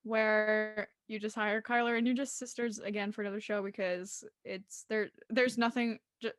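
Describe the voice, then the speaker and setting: A woman's voice: mid-range voice, flat delivery, moderate pace, no echo, clean studio sound. A young woman co-hosting a podcast in casual chat, emphatic and dramatic, often saying "literally.". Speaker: podcast co-host.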